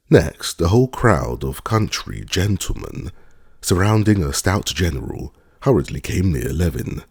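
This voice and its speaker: A male audiobook narrator with a very deep, husky voice and an expressive, lively delivery. The sound is close and dry. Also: no echo. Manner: expressive, measured reading. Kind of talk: scripted narration.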